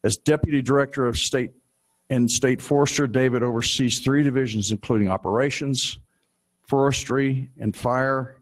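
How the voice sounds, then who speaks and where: A man moderating a panel reads out an introduction at an ordinary middle pitch. He slows down and stumbles on some phrases as he reads. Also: fairly even intonation, rough recording. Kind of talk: reading a speaker introduction. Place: conference room.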